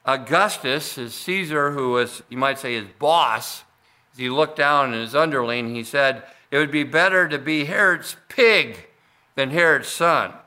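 A man preaching a sermon, explaining scripture in a measured way with frequent fillers and restarts. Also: mid-range voice, sharp tone. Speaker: pastor.

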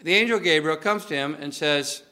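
A man's voice: a little high, normal speed, sharp tone. A male pastor preaching a sermon in a conversational, folksy way, with many filler uhs.

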